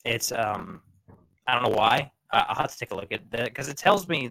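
A man's voice: medium pitch, animated, moderate pace, creaky, pushed and bright. Man calling in over crackly line. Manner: rambling, hesitant fillers. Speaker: caller. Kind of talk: casual call-in chat. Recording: crackly internet call audio.

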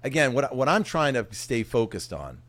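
A man's voice: mid-range voice, sing-song, normal speed, a bit bright. A man hosting a podcast interview, eagerly agreeing with his guest and steering the talk. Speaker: podcast host.

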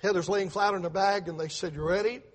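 A man's voice: high voice, steady tone, fast, long reverb tail. A middle-aged man preaching a testimony sermon, earnestly telling a story with repeated words and acted-out voices.

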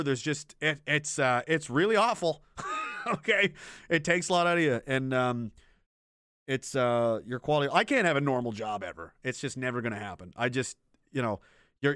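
In a fairly high, smooth, resonant and slightly bright voice, a young streamer who is a military veteran delivers a casual, unscripted rant. He is blunt and profane, trailing off and restarting sentences. The sound is dry and close with no room echo.

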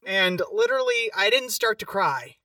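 A woman's voice: medium pitch, lively intonation, moderate pace, sharp tone, no room sound, studio quality, far from the mic, soft background music. A woman co-hosting a podcast, adding wry, teasing commentary to a casual movie chat. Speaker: podcast co-host.

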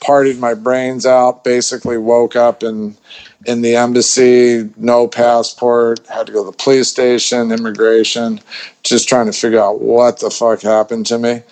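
A man's voice: mid-range voice, level tone, moderate pace, a little mellow. A man telling a story as a podcast guest, rambling with lots of restarts and swearing freely. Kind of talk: casual storytelling chat.

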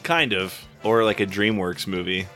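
A man guesting on a podcast, wry and quick to laugh during casual chat. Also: fairly low pitch, pushed and bright, soft background music.

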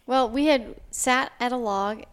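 A woman telling her own story in casual chat, animated and excitable, acting out what she said. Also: a little high, a little slow, clean tone. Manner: animated, excitable, quotes herself.

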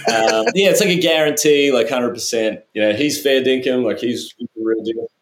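An Australian man chats in a relaxed, meandering way, filling his sentences with "uh" and "like." His voice sits at a middle pitch. The room around him echoes noticeably. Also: moderate pace, creaky, slight background noise. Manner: laid-back, rambling with fillers. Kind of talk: casual chat.

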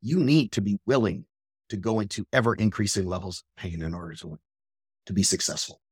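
A middle-aged man delivers a fierce motivational rant as a podcast host, swearing freely and pushing hard at his listeners. His voice is slightly husky, and he sits in a dry, close room. He climbs from low, grim storytelling into loud, high-pitched tirades. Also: fairly quick, no room sound. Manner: intense, profane, confrontational; rises to loud ranting. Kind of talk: motivational monologue.

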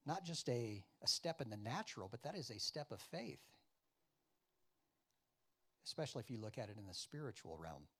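A man preaching a sermon, acting out dialogue and questioning his congregation, loud one moment and quiet the next. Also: mid-range voice, normal speed, pauses often, husky. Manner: animated, acts out biblical dialogue with wide swings in loudness; addresses the congregation with questions and asides. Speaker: pastor.

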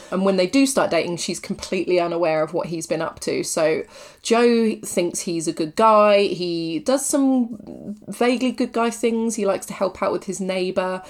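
Woman rambling on about movies n tv, lots of likes and ums, lower voice. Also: a little mellow. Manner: chatty, rambling, full of fillers. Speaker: podcast co-host. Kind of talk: casual film and TV review chat.

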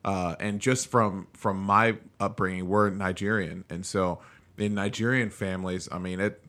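Speaking at a normal speed, this thirty-something podcast host has a fairly low pitch with a bright, forward quality. His casual conversation is loose and padded with filler, and he tells stories in an easygoing, talkative manner.

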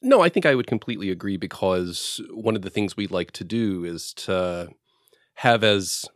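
A man's voice: deep voice, lively intonation, moderate pace, no echo, clean studio sound. A man speaking as a podcast guest in casual chat, articulate and earnest.

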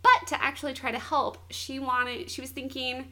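Chatty woman telling a story all animated, giggles a lot, voice on the higher side. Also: moderate pace. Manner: animated retelling, laughs often. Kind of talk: casual chat.

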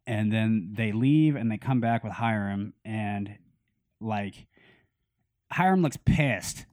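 A man's voice: fairly low pitch, slow pace, darkish tone, dry recording, studio quality. A young man telling a story in casual podcast chat, swearing freely and acting out the people he quotes.

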